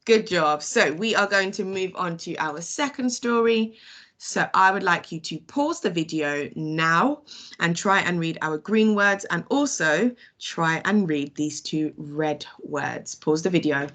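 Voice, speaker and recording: A woman's voice: fairly low pitch, animated, a little slow, a bit bright. A woman teacher with a British accent, sounding out words letter by letter in a children's phonics lesson and praising often.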